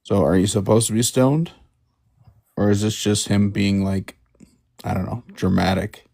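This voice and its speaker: A low, gravelly man's voice, recorded close and dry. He presses his point in a casual debate with probing questions. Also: fairly even intonation, measured pace, warm tone, no room sound. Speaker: podcast co-host.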